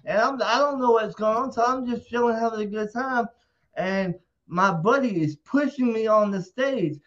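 A man telling a rowdy story in casual talk, animated and profane, acting out quotes loudly. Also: high voice, normal speed, highs cut off. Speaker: interview guest.

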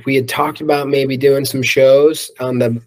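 A man's voice: mid-range voice, level tone, measured pace. A man who sings in a rock band, chatting loosely in an interview, swearing freely and filling his talk with "um" and "like". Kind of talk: casual interview chat.

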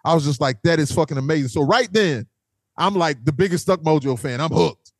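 Male host, high pitch, dry mic, animated storyteller who acts out every quote. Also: fairly quick, dry recording. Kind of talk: casual storytelling chat.

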